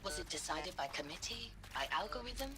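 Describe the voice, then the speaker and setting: A woman voicing a troubled art historian who speaks solemnly and asks measured questions in a game audio log. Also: fairly low pitch, animated, noisy background, lightly acted.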